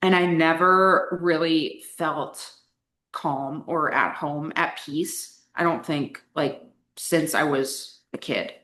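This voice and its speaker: A woman's voice: deep voice, slow pace, fairly bright tone. Candid young woman in an echoey room. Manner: candid, chatty, frequent "like" fillers. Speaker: coaching client sharing her story. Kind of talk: casual interview talk.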